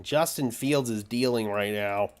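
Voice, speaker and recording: A man's voice: mid-range voice, a little slow, smooth. A man giving live play-by-play fan commentary on a football game, frustrated and ranting about his team's defense.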